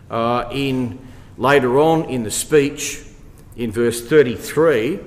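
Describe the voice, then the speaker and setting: Guy preaching through a bible passage, asks lots of questions, keeps repeating the key point, big echoey hall. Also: mid-range voice. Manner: rhetorical questions, emphatic repetition. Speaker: Bible study speaker. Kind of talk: expository Bible talk. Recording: long hall reverb.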